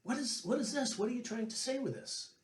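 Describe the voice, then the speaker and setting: A man voicing a fellow musician who is blunt, curious and excitable, blurting in a high voice, in an echoey room. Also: a little fast, recorded from a distance. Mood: eager.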